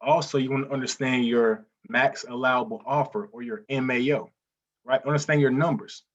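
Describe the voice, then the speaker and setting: Energetic man teaching on a lo-fi webinar. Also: medium pitch, normal speed. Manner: energetic, repeats himself, says "listen, man" often. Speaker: real estate wholesaling teacher.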